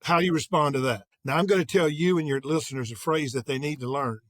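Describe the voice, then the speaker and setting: An older man with a fairly high voice, recorded dry and close. He tells lively anecdotes in a relaxed interview, acting out the dialogue as he goes. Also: fast talker, no echo. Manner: energetic anecdotes with quoted dialogue. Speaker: guest, sales executive. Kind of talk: conversational interview storytelling.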